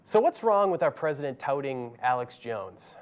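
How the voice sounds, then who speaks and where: A man's voice: medium pitch, very animated, normal speed, clear, resonant tone. A man hosting a satirical news show in a studio, delivering commentary with dry, sarcastic asides.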